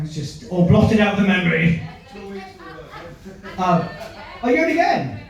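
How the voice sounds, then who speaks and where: High-voiced comedian in an echoey club. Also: male voice, distant mic. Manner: chatty, chases audience members with questions. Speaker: stand-up comedian. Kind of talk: stand-up set with crowd work.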